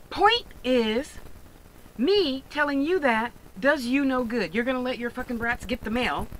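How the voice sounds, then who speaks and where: A woman's voice: fairly high pitch, a bit bright, a little hiss or hum, poor audio. A woman who sells jewelry online, ranting bluntly and sarcastically in a profane vlog monologue. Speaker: online jewelry and crystal seller.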